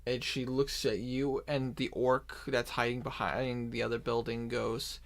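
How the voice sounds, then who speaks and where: A man narrates a tabletop game as its dungeon master, in an easy voice of middling pitch. He paces himself slowly and often stops to rephrase mid-sentence. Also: flat delivery, gravelly. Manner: unhurried narration with many restarts and asides.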